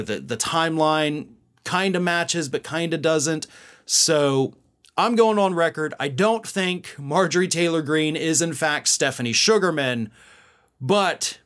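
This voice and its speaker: A man's voice: on the high side, a bit bright. A man hosting a political commentary show, talking casually to viewers with musing asides.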